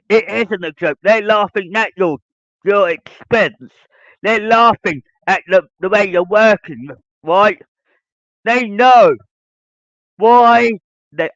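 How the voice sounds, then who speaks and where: Male podcast host, high-pitched, repetitive lecturing rant; dull, dry recording. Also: fairly bright tone, no echo. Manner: ranting, repetitive, lecturing listeners directly. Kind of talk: podcast monologue.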